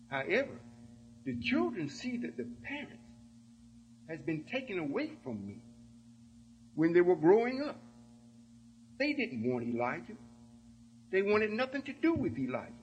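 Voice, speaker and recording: Emphatic preaching man, lively pitch. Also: a little slow, pauses often, a little hiss or hum, rough recording. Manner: emphatic, keeps asking "you see?". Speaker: religious speaker. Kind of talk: sermon-style talk to followers.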